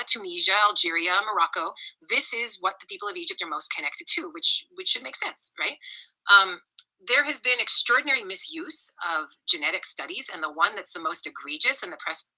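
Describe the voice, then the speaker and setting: A woman explaining in a measured, lecture-like way, with frequent ums. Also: on the low side, pushed and bright, low-quality recording. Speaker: scholar in a played clip.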